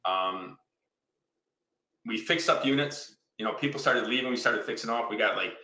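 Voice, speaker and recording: Chatting casually, a Michigan man in his fifties who invests in real estate spins enthusiastic stories and keeps asking "right?" while explaining things. His voice is on the low side, pushed and bright, at a normal speed, heard in a roomy, echoing space.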